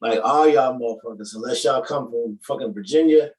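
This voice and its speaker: A man's voice: mid-range voice, fairly quick, low-quality recording. A man with a Southern Atlanta accent hosting a casual podcast chat, teasing and repeating himself as he jokes. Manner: joking, teasing, repeats words. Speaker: podcast host.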